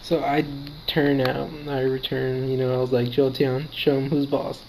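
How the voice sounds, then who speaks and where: A man's voice: medium pitch, level tone, normal speed, darkish tone, slight background noise, poor audio. A tired, yawning man giving casual play-by-play commentary on his own game battle, quoting his own thoughts as he goes. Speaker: gaming commentator.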